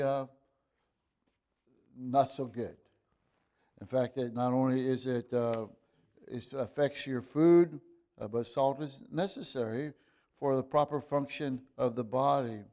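Slow, emphatic preacher man. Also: medium pitch, steady tone, a little mellow. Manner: slow, halting delivery with frequent fillers and restarts, rising to emphatic bursts; reads scripture in old-fashioned wording. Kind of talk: sermon.

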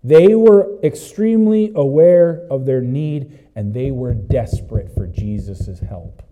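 A man preaching a sermon, emphatic and repetitive, asking the congregation questions and swinging between loud cries and low, intense passages. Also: expressive, slow, low-quality recording. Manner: repeats phrases, asks the congregation questions. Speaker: pastor.

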